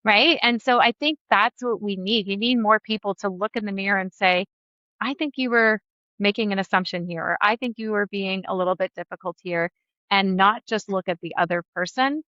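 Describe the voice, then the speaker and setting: A woman with a bright, forceful voice speaks as a podcast guest. She talks earnestly and reflectively and draws on her own life. The remote audio is dry and a little dull. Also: mid-range voice, brisk, no echo. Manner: earnest, reflective, shares personal examples. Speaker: guest facilitator. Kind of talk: conversational interview.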